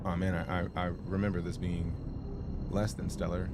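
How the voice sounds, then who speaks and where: A man's voice: low-pitched, level tone, normal speed, very noisy. A man from Chicago streaming a space game, chatting casually and rambling with jokes and profanity. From Chicago, United States. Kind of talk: casual gaming livestream chat.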